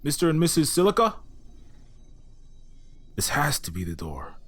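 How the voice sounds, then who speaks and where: A man's voice: a little high, wildly swooping pitch, moderate pace. A man voicing a nervous, blunt social worker in a video game, who blurts things out and then apologizes.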